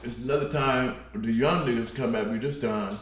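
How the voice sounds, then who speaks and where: A man in his late sixties swaps stories on a podcast, salty and animated, laughing as he goes. His voice sits at an ordinary middle pitch. The room around him rings with a noticeable echo. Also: normal speed. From Compton, Los Angeles. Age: 60s. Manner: profane, animated storyteller, laughs often. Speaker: podcast guest. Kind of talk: casual storytelling. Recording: roomy echo.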